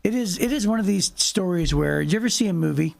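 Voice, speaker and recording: Raspy, gravelly man with a high voice. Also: expressive, fast. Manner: playful, stammers and repeats himself. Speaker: podcast co-host. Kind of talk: casual chat.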